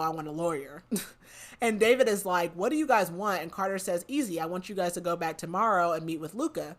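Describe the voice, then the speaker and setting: A woman's voice: lowish voice, a bit bright. Chatty woman recapping a story. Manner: chatty retelling with quoted lines and laughs. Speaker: book podcast host. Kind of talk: casual plot recap.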